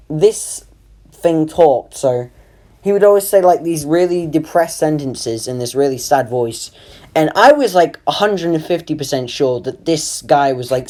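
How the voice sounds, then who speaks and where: A man's voice: a little high, a little mellow. Rambling young man. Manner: rambling, self-deprecating, casual. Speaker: animator and narrator. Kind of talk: comedic voice-over narration.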